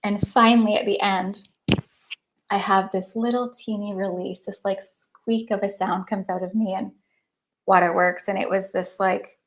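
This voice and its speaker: Creaky-voiced woman telling her story. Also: mid-range voice. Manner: chatty, earnest, many "like" fillers. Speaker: somatic breathwork coach, podcast guest. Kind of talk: candid personal storytelling in an interview.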